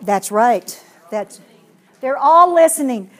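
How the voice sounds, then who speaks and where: A woman giving a workshop to teachers, animated and acting out children's voices as she explains. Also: high-pitched, measured pace. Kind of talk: classroom workshop talk.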